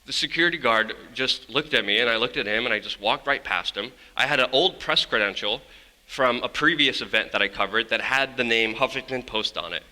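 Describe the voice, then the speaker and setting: A man telling stories on a stage, his voice very bright and cutting. He speaks bluntly and with energy, swears without hesitation, and sounds like a journalist holding the crowd's attention. The long reverb of a large hall follows his words. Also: mid-range voice, a little fast. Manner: lively, blunt, swears casually. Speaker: journalist giving a conference talk. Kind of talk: energetic storytelling speech.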